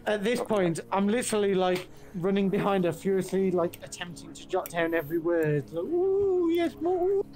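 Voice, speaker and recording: A woman's voice: on the low side, fairly even intonation, brisk, few pauses, darkish tone, rough recording. A woman with an English accent playing a tabletop game, chatty and a little hesitant, over an online call. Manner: chatty, hesitant, lots of likes. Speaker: player. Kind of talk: casual tabletop game chat.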